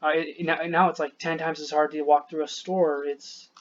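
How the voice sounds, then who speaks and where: A man with a fairly high voice rants into a dull, lo-fi recording. He sounds short of breath and worn down, rambling, breaking off mid-thought and cursing often. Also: flat delivery, normal speed, heavy background noise. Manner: frustrated, rambling, swears a lot, trails off. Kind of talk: venting to camera.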